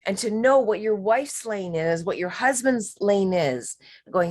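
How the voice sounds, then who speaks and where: Slow, breathy woman leading a workshop. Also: mid-range voice, lively intonation. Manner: slow, emphatic, drops to whispers. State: emotional. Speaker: workshop leader. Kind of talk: spiritual workshop talk.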